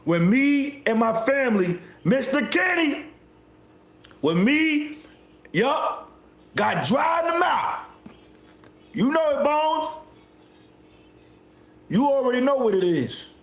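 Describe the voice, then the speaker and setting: Loud confrontational man ranting on a livestream. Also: very high-pitched, reverberant. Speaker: livestream host. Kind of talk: live stream rant reacting to chat.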